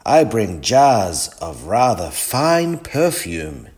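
A haughty, rich tsar, put on by a man reading a storybook. He talks slowly and deliberately, with a low voice and wide pitch swings. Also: very animated, a little mellow, exaggerated voice.

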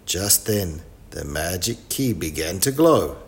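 A man reading a children's storybook aloud in a clear, expressive way. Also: low voice, slow pace.

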